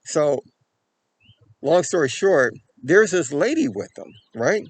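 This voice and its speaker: A man hosting a self-defense channel, telling a personal story in an earnest way and growing animated, often checking in with "okay" and "right". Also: fairly high pitch, slow, slightly rough. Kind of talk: storytelling to camera.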